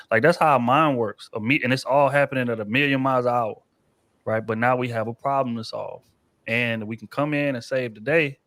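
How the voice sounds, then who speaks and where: A man's voice: medium pitch, fairly even intonation, a little fast, fairly bright tone, dry recording. A married man co-hosting a casual panel discussion, talking in a loose, rambling way with casual profanity. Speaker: podcast co-host.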